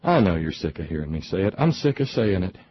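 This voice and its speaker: A middle-aged man hosting a talk show, delivering an indignant, sarcastic political monologue with frequent halting repeats. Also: low voice, big pitch swings, highs cut off, slight background noise. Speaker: talk radio host.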